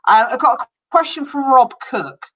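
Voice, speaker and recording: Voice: high-pitched, expressive, moderate pace, a bit bright, breathy edge, muffled recording. An interviewer reading out listener questions and reacting with friendly encouragement. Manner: friendly, encouraging, laughs easily.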